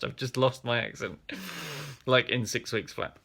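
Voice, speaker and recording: Guy from the black country vlogging, gravelly and kinda bright, lots of ums and restarts. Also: medium pitch, a little slow. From Black Country, England. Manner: rambling and hesitant, with frequent ums and restarts. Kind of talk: casual self-reflective vlog monologue.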